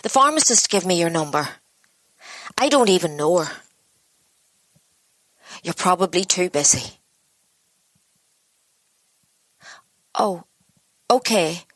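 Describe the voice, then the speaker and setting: A crushed, self-blaming mother in a dramatic monologue. She speaks slowly and haltingly, her lines breaking off. The sound is dry and close. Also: fairly low pitch, lively intonation, a bit bright, no echo. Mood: hesitant. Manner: halting, broken, inward monologue. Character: exhausted, self-blaming abused mother, worn down.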